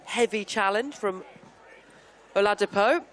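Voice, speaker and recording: A woman giving brisk live football commentary with jokey asides. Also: mid-range voice, a bit bright. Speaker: play-by-play commentator.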